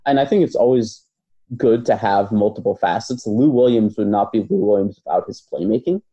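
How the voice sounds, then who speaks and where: Man with a dark, low voice. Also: animated, a little fast, highs cut off. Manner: thoughtful, hedging, many fillers. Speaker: basketball podcast co-host. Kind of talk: casual analytical chat.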